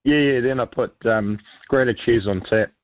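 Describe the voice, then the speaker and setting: A man's voice: mid-range voice, a little slow, no echo, highs cut off. A New man chatting casually as a radio guest, rambling with lots of ums and restarts.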